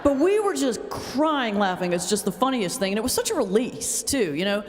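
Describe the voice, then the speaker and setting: A woman pastor giving a humorous talk, telling stories in an animated way with sudden jumps in pitch. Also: normal speed, a little hiss or hum. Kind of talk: humorous lecture storytelling. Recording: long reverb of a large hall.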